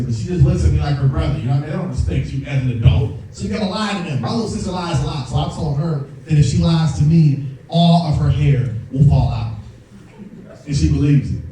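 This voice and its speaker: A man's voice: on the high side, distant mic, slight background noise. A young man doing a stand-up set, telling family stories, acting out voices and chatting with the crowd. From Dominican family. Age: young adult. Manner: animated storytelling, acts out voices, chats with the crowd. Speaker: stand-up comedian. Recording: echoey hall, mic heard from afar. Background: audience laughter.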